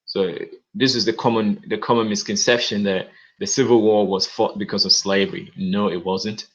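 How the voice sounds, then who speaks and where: A man talks through news items in casual video commentary, his voice sitting low. He is emphatic, doubling back on words and dropping "okay" between points. The audio is dull and lo-fi. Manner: emphatic, repeats words and peppers talk with "okay".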